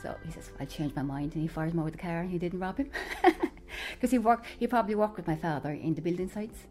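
A middle-aged woman with a low, mellow voice tells family stories in a chatty way, laughing as she goes. Soft music plays faintly underneath her. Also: quick pace. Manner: laughing, animated anecdotes. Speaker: interviewee, daughter of the subject. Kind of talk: casual storytelling.

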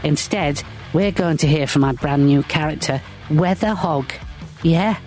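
Man doing a smug deadpan radio host, slightly high voice, faint music under. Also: a little slow, natural voice. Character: smug, self-promoting male radio host, ex-football manager.

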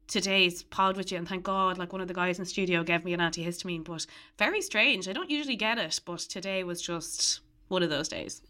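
A young Irish woman with a bright, forward voice and a nose a little blocked from hay fever. She tells stories in a chatty, animated way, full of fillers, while co-hosting a podcast. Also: lowish voice, a little fast, few pauses. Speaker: podcast co-host. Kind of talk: casual chat.

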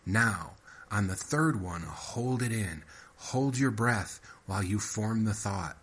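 A man voicing a pushy woman who coaches in positive-thinking slogans, pitching his voice up and louder. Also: expressive, takes it slowly, breathy edge, exaggerated voice. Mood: coaching, insistent. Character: pushy upbeat woman full of self-help talk.

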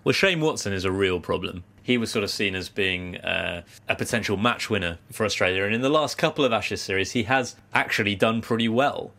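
A man with a low voice talks cricket in a measured, analytical way. He weighs each point and hedges his opinions. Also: vocal fry, pushed and bright. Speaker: cricket podcast co-host. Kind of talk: casual cricket discussion.

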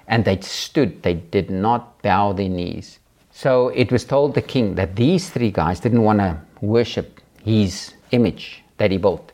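Male host, low voice, preaching style, presses the listener with repeated rhetorical questions. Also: animated, unhurried, darkish tone. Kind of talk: preaching to a viewing audience.

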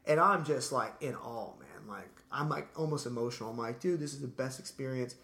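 A man's voice: medium pitch, fairly quick, gravelly, sharp tone. A man casually telling a long story in a podcast chat, laid-back and profane, dropping "dude" and "like" constantly.

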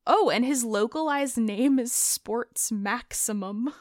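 A woman co-hosting a podcast in casual chat. She builds her stories slowly and deliberately and keeps breaking into laughter. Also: fairly high pitch, no echo, clean studio sound. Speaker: podcast co-host.

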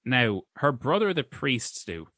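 An Irish man co-hosting a podcast, reviewing a film in casual chat, lively and jokey with lots of fillers and restarts. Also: mid-range voice, measured pace, no echo, studio quality. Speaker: podcast co-host.

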